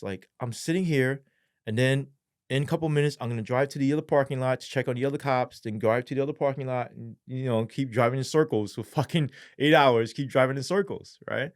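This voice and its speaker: A former police sergeant tells his story as an interview guest, blunt and slangy with plenty of swearing. When he talks about despair, his voice drops low and falters. The studio recording is clean, with no room sound.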